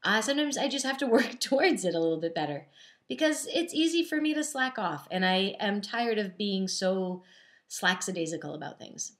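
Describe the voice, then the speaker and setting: A young woman who is a diabetes advocate, talking candidly and casually to camera, with animated asides where she quotes herself. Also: medium pitch, moderate pace.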